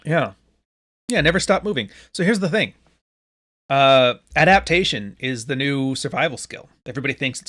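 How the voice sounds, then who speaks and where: A man's voice: medium pitch, big pitch swings, brisk, fairly bright tone. A man in his late thirties from Canada, hosting a podcast in loose, joking chat with his live audience, swearing freely. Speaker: podcast host. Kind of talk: casual live-stream talk to a chat.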